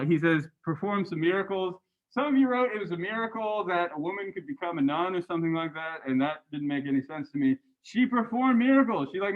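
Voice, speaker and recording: Male professor, high-pitched and chatty, tags lines with "right?", muffled lo-fi class recording. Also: a bit bright. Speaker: university religious studies lecturer. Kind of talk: lecture reviewing graded answers.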